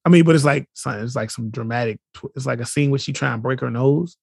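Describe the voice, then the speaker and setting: Gravelly man co-hosting a chat podcast. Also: medium pitch, quick pace, no room sound, studio quality. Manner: slangy, rambling storytelling. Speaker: podcast co-host. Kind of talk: casual chat.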